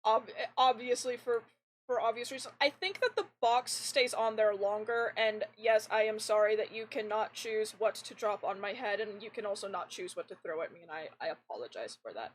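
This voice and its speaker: A woman's voice: mid-range voice, normal speed, a little hiss or hum, poor audio. A young woman streaming a game, chatting casually with viewers in a rambling way, her voice fairly androgynous, into a desk mic. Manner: rambling, restarts often, animated. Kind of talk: casual live-stream chat.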